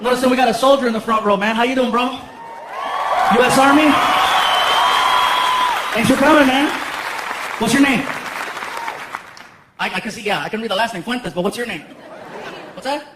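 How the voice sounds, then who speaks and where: A stand-up comedian telling an animated story and laughing along as he acts out scenes on stage. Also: very high-pitched, normal speed, long pauses, very noisy. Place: large live comedy venue. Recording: echoey hall with loud crowd laughter.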